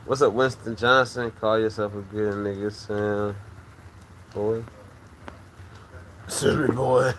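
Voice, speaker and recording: A man's voice: on the low side, level tone, unhurried, a little hiss or hum. Rowdy, tipsy male stream host. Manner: loud, rowdy, laughs often, shouts catchphrases. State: slightly drunk. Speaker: livestream host. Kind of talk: casual livestream chat.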